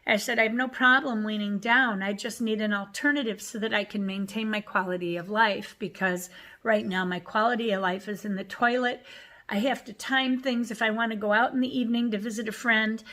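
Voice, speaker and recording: A woman's voice: mid-range voice, steady tone, a little fast, sharp tone. A middle-aged woman vlogging a personal story in casual chat, emotional and retelling conversations in quoted voices.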